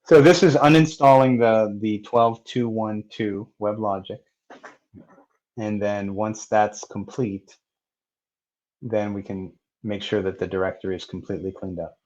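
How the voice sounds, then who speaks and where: A man narrating a technical software walkthrough step by step, in a plain manner with occasional fillers. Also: fairly low pitch, fairly even intonation, unhurried, muffled recording. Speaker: software tutorial presenter. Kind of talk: screen-recorded technical walkthrough.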